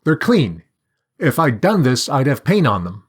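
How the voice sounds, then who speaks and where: A man's voice: medium pitch, big pitch swings, a little slow, breathy edge, pitched above the performer's own voice. A man voicing a frightened young male student who pleads his innocence in a story reading. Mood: pleading. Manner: urgent, pleading.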